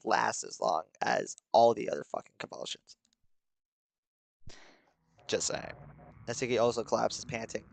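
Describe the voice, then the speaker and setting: A young man at a middle pitch reads a game's story aloud to his stream, mostly steady and subdued. He breaks off now and then into loud, excited, swearing reactions. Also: no echo, low-quality recording. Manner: excitable, swears loudly in sudden outbursts. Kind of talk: reading a game story aloud with live reactions.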